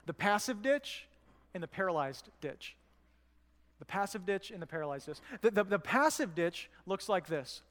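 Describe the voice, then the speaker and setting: High-voiced pastor in a reverberant church. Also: male voice, expressive, normal speed, a bit bright. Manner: conversational, storytelling with acted quotes. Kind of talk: sermon.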